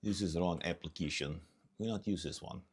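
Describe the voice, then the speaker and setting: A man's voice: sits low, fairly quick, breathy edge. A man hosting a casual live unboxing stream at home, thinking aloud and trailing off as he reads through settings. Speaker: RC hobby channel host.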